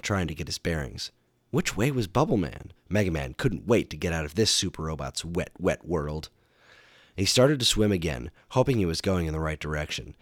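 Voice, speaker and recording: A man reading a children's action storybook aloud in a steady, expressive way. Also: low voice, no echo, clean studio sound. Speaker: narrator.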